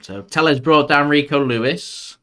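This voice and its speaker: With a slightly high, somewhat bright voice at normal speed, a young fan channel host does live commentary during a football watchalong. He's chatty and jokey, laughs often, swears, and keeps things casual as the match goes on.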